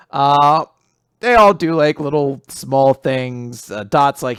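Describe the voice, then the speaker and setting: A man's voice: mid-range voice, takes it slowly, long pauses, fairly bright tone, smooth, dry recording, studio quality. A man casually recapping comics, swearing freely and acting out quotes in goofy voices. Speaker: podcast co-host recapping manga.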